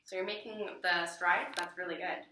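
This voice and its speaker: A woman's voice: fairly low pitch, fairly even intonation, moderate pace, bright, forceful tone. A woman counselor who asks probing questions and offers encouragement in a counseling session. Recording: echoey room, mic far off.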